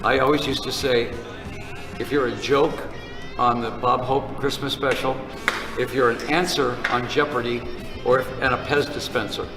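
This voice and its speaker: A man's voice: medium pitch, level tone, moderate pace. Enthusiastic man in an echoey video clip. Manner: enthusiastic, storytelling. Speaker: celebrity interviewed in a promo video. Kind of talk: casual interview remarks. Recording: echoey video clip under loud music.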